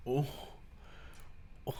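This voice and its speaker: A man's voice: very slow, warm tone, a little hiss or hum. A man co-hosting a stream, leading improvised comedic role-play in a playful, mock-formal way. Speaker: stream co-host.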